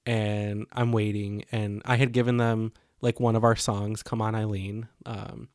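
Chatting casually on a podcast, a young male co-host with a lowish voice tells a story a little slowly, animatedly acting out quotes along the way. Dry, studio-quality recording.

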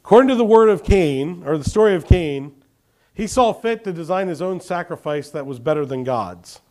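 Male pastor, sermon, high voice, lively storytelling, questions to the congregation. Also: normal speed.

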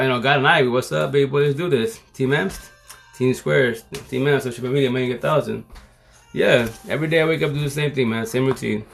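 A man in his forties talking on a live phone stream in a casual monologue, using street slang and repeating his mottos like a sermon. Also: medium pitch. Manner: streetwise slang, repetitive, preachy. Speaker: livestream host.

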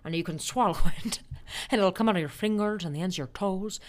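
A woman's voice: mid-range voice, fast talker, lightly acted. A woman doing an impression of an eager, dreamy young man from an old film, with an old-fashioned breathless drawl.

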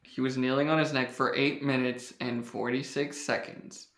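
A man's voice: medium pitch, flat delivery, moderate pace, a bit bright. Man hosting a podcast in an echoey room. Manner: loose, jokey segment-leading. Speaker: podcast host. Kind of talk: casual podcast chat.

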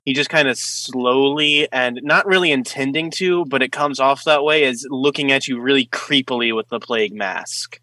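A man playing a tabletop game, calmly describing his character. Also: medium pitch, moderate pace, hardly any pauses, no echo, low-quality recording. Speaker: player.

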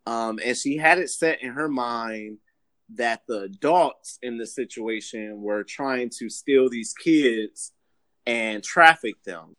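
A man co-hosting a casual podcast, telling a story in an animated way and laughing often as he talks. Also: medium pitch, no room sound, clean studio sound. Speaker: podcast co-host.

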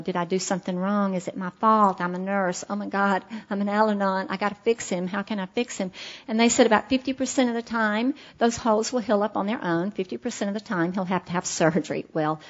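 A middle-aged woman tells her own story at a meeting, earnest and heartfelt. Her voice sits at an ordinary pitch for a woman. The recording is dull and lo-fi. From Alabama, USA. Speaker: speaker sharing her recovery story. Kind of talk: personal testimony at a meeting.

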